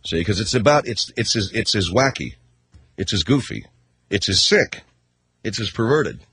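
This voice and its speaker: A man's voice: big pitch swings, a bit bright, breathy edge. Man hosting a radio talk show. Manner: brisk, mock-earnest pitchman patter.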